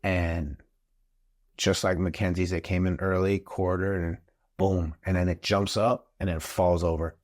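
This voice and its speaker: A man, a father and guest on a podcast, telling a story in a casual, animated way and acting out what people said. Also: sits low, a little slow. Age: adult father of school-age kids. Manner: animated, acts out quotes in the story.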